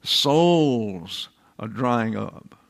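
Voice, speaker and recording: An older man giving a classroom-style Bible sermon, deliberate and emphatic, repeating his key phrases. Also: mid-range voice, expressive, gravelly. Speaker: Bible teacher.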